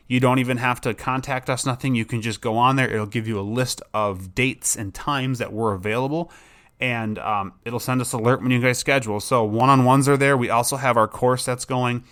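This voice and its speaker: A man's voice: mid-range voice, steady tone, brisk, fairly bright tone, clean tone. A man hosting a dog training podcast, talking casually and enthusiastically, rambling with frequent restarts. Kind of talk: casual solo podcast talk.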